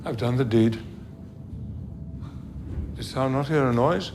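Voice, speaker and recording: A man's voice: medium pitch, slow, close to an everyday voice. An actor playing Macbeth, a shaken nobleman fresh from a killing, speaking in an agitated, haunted way in a stage drama. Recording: noisy film audio.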